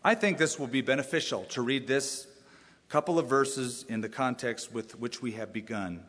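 A man preaching a sermon as pastor, animated, with rising emphasis and sudden drops to a quiet voice. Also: mid-range voice, normal speed, in a large hall.

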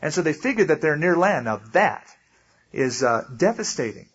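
A man's voice: on the high side, sing-song, normal speed, slightly rough, dull audio. A male pastor teaching a verse-by-verse Bible sermon in a conversational way, full of asides and explanations.

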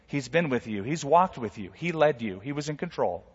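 A male pastor preaching a sermon, swinging from loud, dramatic quotes down to soft, quiet asides. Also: expressive, moderate pace, husky. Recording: reverberant hall, dull low-fidelity sound.

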